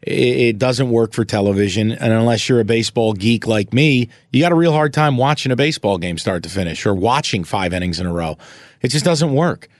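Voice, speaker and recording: A man's voice: mid-range voice, lively intonation, fairly quick, no room sound, clean studio sound. A man hosting a casual sports podcast, blunt and opinionated, with salty language. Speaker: podcast host.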